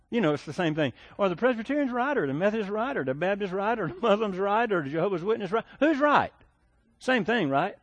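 A male pastor delivers a sermon in a relaxed, conversational tone, often stumbling over and repeating his words. His voice sits high for a man. The sound is dry and close, with little room echo.

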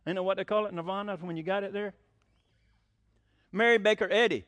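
A man's voice: sits high, steady tone, fairly quick, a bit bright, dry recording, clean studio sound. A man preaching a sermon, folksy and blunt, with sarcastic asides.

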